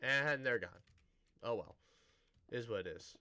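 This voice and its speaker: Guy chatting on his stream, bright voice that swoops around, kinda rambly and deadpan. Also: mid-range voice, a little slow, clean tone. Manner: rambling, self-interrupting, dry sarcastic tone.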